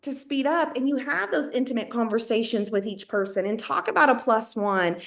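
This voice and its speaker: A woman giving a lively motivational talk to her sales team, folksy and high-energy, often acting out what people say. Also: moderate pace, gravelly. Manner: high-energy, folksy, acts out quoted voices. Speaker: network marketing team leader.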